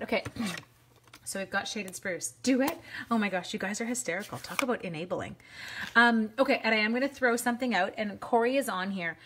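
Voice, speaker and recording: A woman hosting a live craft stream, chatting to viewers as she colors, quick to gush and laugh. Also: medium pitch, background noise. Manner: chatty, excitable, talks to viewers while coloring.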